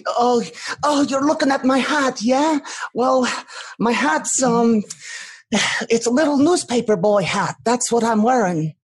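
A man's voice: very high voice, expressive, a little slow, husky, no echo, full character voice. A man voicing an eager, poor fifteen-year-old newspaper boy, rambling and hesitant. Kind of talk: improvised comedy sketch.

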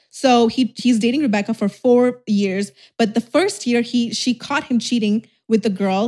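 A woman podcast host chatting in a loose storytime style, her voice pitched a little high. She talks fast and emphatically, rambling and cussing freely. She is recorded close on the mic. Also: darkish tone. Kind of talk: casual storytime chat.

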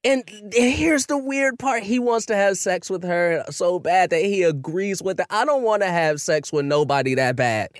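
A man's voice: high voice, normal speed, few pauses, no echo, studio quality. A man co-hosting a podcast, casual chat, arguing his point with lots of laughing and swearing. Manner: animated, laughing, profane, argumentative. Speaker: podcast co-host.

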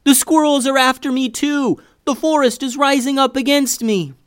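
A man voicing an excitable young boy who turns dramatic and panicky, in a storytelling podcast. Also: normal speed, no echo, clean studio sound, exaggerated voice. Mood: panicked. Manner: high, shouty and panicky.

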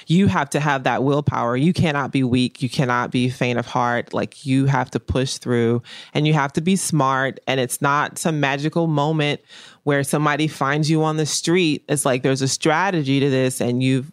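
A woman's voice: rumbling low, fairly even intonation, moderate pace, no room sound, studio quality. A woman painter in a casual interview, speaking bluntly and repeating her main points for emphasis. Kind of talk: candid casual interview talk.

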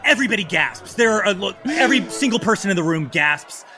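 A man narrating as game master in a tabletop game, animated and profane, rambling through each scene. His voice is high and swings widely, with faint music behind. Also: fast talker.

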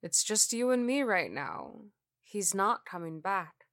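A woman voicing a young husband who speaks calmly and gently, in an audiobook reading. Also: mid-range voice, takes it slowly, no room sound, studio quality, exaggerated voice. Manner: soft, calm reassurance. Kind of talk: audiobook character voice.

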